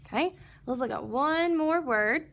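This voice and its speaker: A woman with a high-pitched, expressive, creaky voice that's a bit bright teaches first graders phonics on a recording. She patiently sounds out parts of words at a slow pace and asks and answers her own questions.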